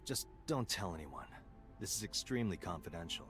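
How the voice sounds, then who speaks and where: A dry, matter-of-fact detective, speaking in a very low, gravelly register with game music clearly audible beneath him. His lines come out curt and explanatory. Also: a little fast. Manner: flat, clipped, explanatory. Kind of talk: video game voice acting.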